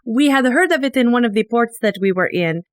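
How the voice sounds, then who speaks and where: A woman voicing a grieving adventurer with a put-on accent, speaking in character with halting, emotional pauses. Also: fairly high pitch, lively intonation, no echo, natural voice. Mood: somber, grieving. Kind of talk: in-character monologue in a tabletop game.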